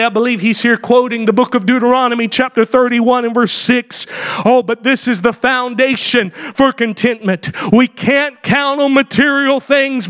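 A pastor preaching a sermon in an impassioned style, rising to shouts. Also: male voice, extremely high pitch, clear, resonant tone.

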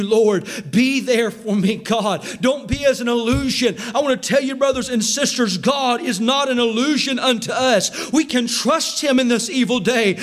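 A man, preaching a sermon as pastor, rising to shouts and slowing down for emphatic quotes. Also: sits high.

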